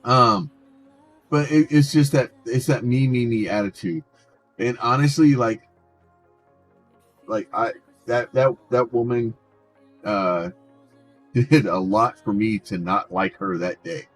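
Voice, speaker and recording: A man's voice: mid-range voice, slow, long pauses, soft background music. A man streaming a game, chatting casually and rambling, often restarting his words. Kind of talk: casual chat while gaming.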